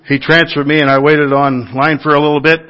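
A man's voice: fairly high pitch, flat delivery, brisk, lo-fi sound. A man preaching a sermon to his congregation, telling everyday stories in an earnest, conversational way. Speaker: lay preacher.

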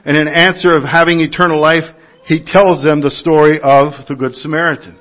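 A man delivers a sermon in an earnest, conversational way, weaving everyday stories into his preaching. His voice sits a little high for a man. The recording is somewhat dull and lo-fi, like a church service recording. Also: steady tone, brisk. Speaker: lay preacher.

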